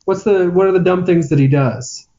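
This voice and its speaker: A man co-hosting a podcast, chatting casually about a film in a sardonic, dismissive way that trails off into low grumbles. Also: moderate pace, warm tone, muffled recording. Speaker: podcast co-host. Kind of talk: casual movie-review chat.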